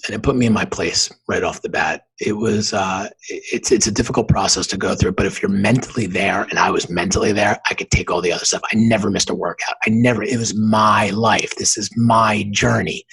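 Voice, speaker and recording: A man's voice: fairly low pitch, vocal fry, fairly bright tone, slightly rough, rough recording. A man in his forties, a podcast guest, telling a personal story in an earnest, emphatic way.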